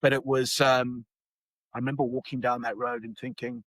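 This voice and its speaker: A man's voice: mid-range voice, flat delivery, moderate pace, fairly bright tone, dry recording, rough recording. A man with a South African accent telling a personal story casually, full of restarts and fillers. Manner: rambling, many restarts and fillers.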